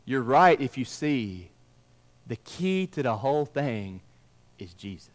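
A male pastor preaching a sermon, swinging between emphatic lines and hushed, drawn-out words. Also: mid-range voice, big pitch swings. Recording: long reverb of a large room.

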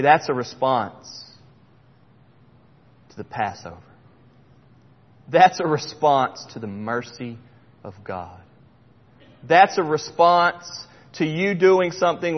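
Impassioned preacher in a reverberant hall. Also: male voice, a little high. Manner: impassioned, swings from loud to near-whisper. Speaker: pastor. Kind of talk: sermon. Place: church sanctuary. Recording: dull sound with long hall reverb.

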